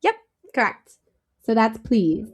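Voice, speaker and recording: A woman's voice: on the high side, slow, husky. Chatty woman guest on a travel podcast. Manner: chatty and animated, laughs easily. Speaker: guest, travel company founder. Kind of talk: casual interview.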